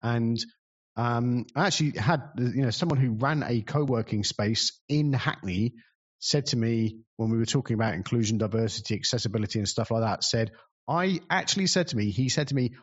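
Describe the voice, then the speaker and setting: Male speaker, loose casual storytelling, heavy fillers, mid pitch, lo-fi sound. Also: fairly quick, breathy edge. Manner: rambling, self-deprecating, many fillers. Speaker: community event organizer.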